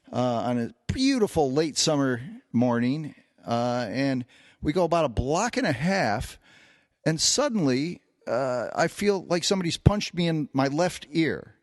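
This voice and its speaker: A man's voice: mid-range voice, no room sound, clean studio sound. Man telling a story on a podcast. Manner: recounts an anecdote at length, with many fillers and restarts. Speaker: podcast co-host. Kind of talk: casual storytelling.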